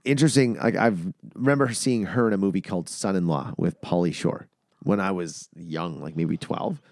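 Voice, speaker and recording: A man with a Canadian accent co-hosting a podcast, talking in an animated, joking way with playful mimicry. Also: sits low, moderate pace, gravelly, no room sound, studio quality. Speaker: podcast co-host. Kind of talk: casual chat.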